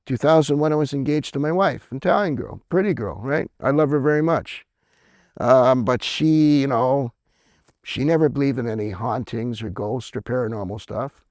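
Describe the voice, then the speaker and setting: A middle-aged Canadian author tells a casual story at a convention, often tossing in "right?" and laughing at his own tale. His voice sits in the mid-range with a darkish tone, and the recording is dry.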